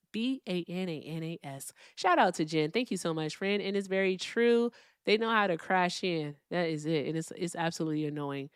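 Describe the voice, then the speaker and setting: A woman hosting a political call-in livestream, speaking in a relaxed, profane, wry way as she reads out donor messages and thanks viewers. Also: on the low side, smooth, no echo, clean studio sound. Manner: speaks softly, not loudly. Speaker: livestream political debate host. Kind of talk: casual livestream chat.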